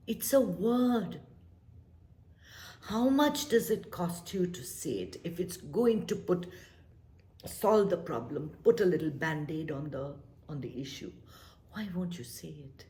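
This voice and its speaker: A woman giving life advice in a casual, reflective talk, animated and emphatic, repeating her points and dropping to a soft whisper for emphasis. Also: lowish voice, slight background noise. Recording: echoey room.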